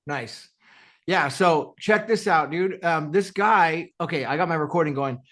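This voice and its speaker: A man's voice: on the high side, unhurried, fairly bright tone. A man hosting a live audio chat, casual and jokey, laughing often and calling people "dude". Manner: laughing, loose and jokey, says "dude" a lot.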